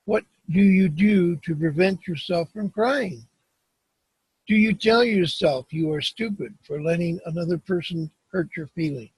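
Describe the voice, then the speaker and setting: A man reading a self-help book aloud in a slow, measured way, with occasional slips and restarts. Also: high-pitched, husky, no echo, rough recording. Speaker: audiobook reader.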